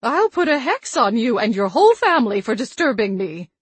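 A fussy, scatterbrained old grandmother spirit speaks from inside a locket, as a woman narrator puts her on. Her voice sits higher and louder than the narration and swings between tart scolding and delight. The sound is dry and close. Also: big pitch swings, unhurried, no room sound. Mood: angry. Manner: chiding, chatty and scatterbrained.

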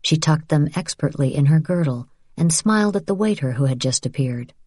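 Low-voiced woman reading an audiobook, steady pace, dry close mic. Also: husky, no room sound. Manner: measured, steady storytelling. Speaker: audiobook narrator. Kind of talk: scripted narration.

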